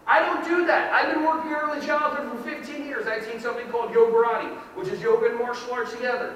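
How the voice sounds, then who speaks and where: A man with a very high, bright voice delivers a playful, animated keynote to an audience. He keeps acting out little scenes as he talks. The sound is echoey, with a long hall reverb, picked up from far off the mic with faint noise underneath. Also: fast, few pauses. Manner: playful, animated, acts out kids and parents. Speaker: keynote speaker. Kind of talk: lively educational keynote.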